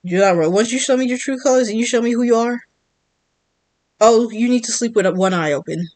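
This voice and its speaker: A woman's voice: fairly high pitch, a little fast, a little mellow. A woman giving a blunt, defiant monologue as a vlogger, repeating her points from the United States. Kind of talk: emphatic monologue.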